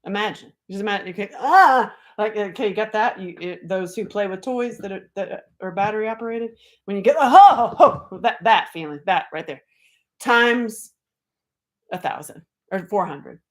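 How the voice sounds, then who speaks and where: A woman comedian telling a personal story in an animated way, jumping between loud exclamations and hushed asides, cursing and laughing often. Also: mid-range voice, normal speed.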